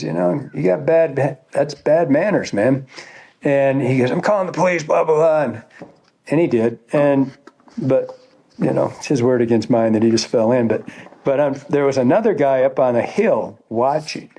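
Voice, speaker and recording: A man's voice: mid-range voice, dark tone. A man telling fishing guide stories in a casual, rambling way, swearing often and laughing as he goes. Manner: rambling, profane, laughing storyteller. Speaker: fly fishing guide, podcast guest. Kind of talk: casual storytelling.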